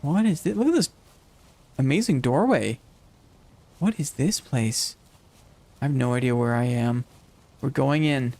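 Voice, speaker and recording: A man streaming a game live, commenting casually and getting excited and gushing as he explores. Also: mid-range voice, a little slow, long pauses. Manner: excitable, gushing, laughs often.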